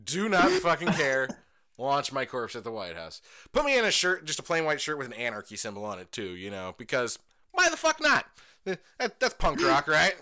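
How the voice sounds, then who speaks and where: Animated swearing man telling stories. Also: a little high, moderate pace. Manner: animated storyteller, swearing, laughing, acting out voices. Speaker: podcast co-host. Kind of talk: casual chat.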